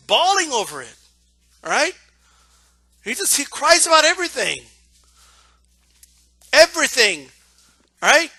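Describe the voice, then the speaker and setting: Mocking, high-pitched man ranting. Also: sharp tone, no echo. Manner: profane, mocking, repetitive, with sarcastic quoted asides. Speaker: boxing commentator. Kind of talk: casual ranting monologue.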